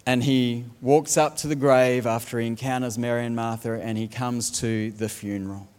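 A man's voice: mid-range voice, flat delivery, normal speed, darkish tone, big-room sound. A man preaching a sermon as a pastor, telling funny stories and mimicking the way others speak. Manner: humorous storytelling, mimics accents.

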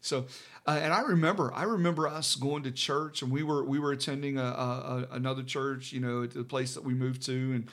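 In casual talk, this middle-aged pastor tells a personal anecdote in a medium-pitched, steady voice with a fairly bright tone. The telling is halting, packed with fillers and false starts.

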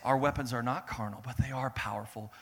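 A man preaching a sermon in a lively way, acting out the people in his story and swinging between loud bursts and hushed lines. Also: mid-range voice, a little fast. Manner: animated, acts out voices of biblical figures, swings between loud and hushed. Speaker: pastor.

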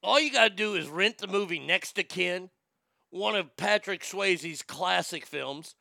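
A man's voice: sits high, expressive, measured pace, creaky, pushed and bright, no room sound, studio quality. A man ranting casually about movies, profane and rambling, reading out viewer comments as he goes.

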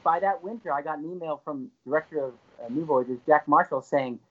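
A man guest on an interview, telling an excited anecdote with lively jumps in his voice. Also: a little fast, phone-quality sound. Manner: animated, excited storyteller with frequent pitch jumps. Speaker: guest actor. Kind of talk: casual anecdote storytelling.

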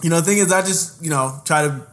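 A man's voice: a little high, quick pace. Laid-back young man hosting a podcast. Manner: relaxed, hesitant, many fillers, joking segues. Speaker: podcast co-host. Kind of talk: casual chat.

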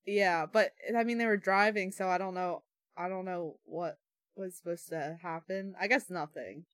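A woman's voice: fairly low pitch, moderate pace, dry recording, clean studio sound. A young adult woman in casual chat, telling anecdotes frankly with many "like" fillers.

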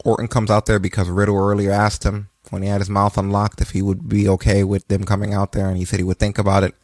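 A man casually goes over wrestling results on a podcast, cracking jokes and swearing as he tells it. His voice is fairly low and darkish, monotone and fast, with no echo.

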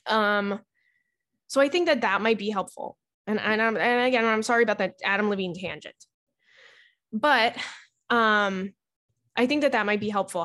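A woman's voice: mid-range voice, fairly bright tone. A woman comedian hosts a casual chat show, rambling along in a loose, chatty way. She fills her talk with "like" and swears casually as she goes. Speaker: podcast host and comedian. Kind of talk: casual chat and reading listener letters.

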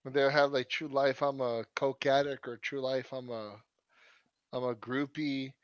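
A man's voice: medium pitch, little pitch movement, a little slow, clean tone, no room sound, dull audio. A man co-hosting a podcast in casual chat, slangy and profane, often tacking on "man.". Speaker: podcast co-host.

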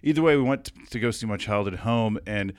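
A man's voice: fairly low pitch, fast talker, dry recording. A man in his thirties from California, hosting a casual comedy chat in a studio, rambling, swearing and laughing often. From Fresno, California. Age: 30s. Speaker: podcast host.

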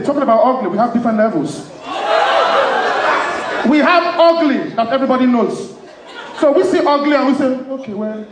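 High woman comic, punchy, live club room with crowd laughter. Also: roomy sound, very noisy. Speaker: stand-up comedian. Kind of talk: live stand-up. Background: audience laughter.

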